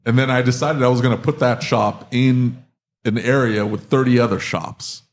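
A man's voice: medium pitch, normal speed. A man co-hosting a podcast, chatting casually, telling rambling, self-mocking stories and laughing often. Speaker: podcast co-host, auto shop owner. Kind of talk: casual chat.

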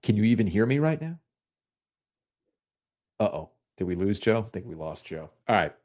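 A man's voice: fairly low pitch, normal speed. Guy hosting a sports pod, voice jumps all over the place, jokey ranting. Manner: animated, jokey, mock-indignant rants. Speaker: podcast host. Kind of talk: casual sports chat.

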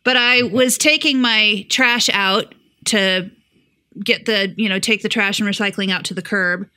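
Bright, profane woman telling a story. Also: mid-range voice, measured pace, smooth. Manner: profane, animated storyteller acting out quotes. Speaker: podcast co-host. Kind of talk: casual chat, storytelling.

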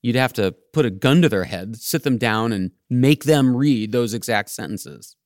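A man's voice: medium pitch, animated, normal speed, dry recording, clean studio sound. A man hosting a podcast, narrating his script in a wry, playful way. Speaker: podcast host.

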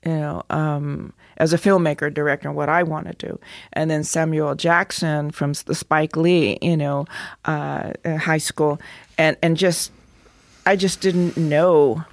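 Creaky-voiced older woman telling stories. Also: sits low, no echo, clean studio sound. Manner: animated storyteller, halting restarts. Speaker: actress guest. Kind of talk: interview storytelling.

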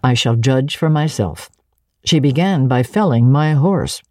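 A woman voicing a brusque, commanding middle-aged gentleman who questions curtly and gives orders. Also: a bass voice, expressive, a little slow, dry recording, exaggerated voice. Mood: imperious. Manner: curt, imperious questioning.

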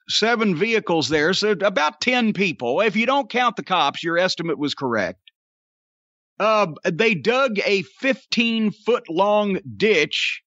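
A man's voice: high voice, a bit bright, no echo, highs cut off. A man, hosting a podcast and ranting sarcastically with plenty of cursing. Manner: profane, ranting, sarcastic storyteller. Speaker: podcast host. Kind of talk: casual podcast rant.

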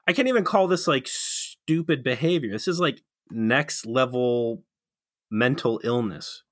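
A man's voice: medium pitch, a little slow, no room sound. Man ranting in a dry close voice. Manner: profane, incredulous. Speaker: podcast co-host. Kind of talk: casual ranting chat.

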